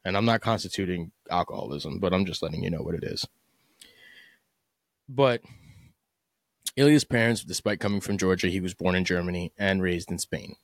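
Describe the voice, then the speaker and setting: A man's voice: low-pitched, normal speed, long pauses, no echo, studio quality. A man hosting a podcast, giving blunt, opinionated, profane commentary in a casual solo talk. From United States. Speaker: podcast host.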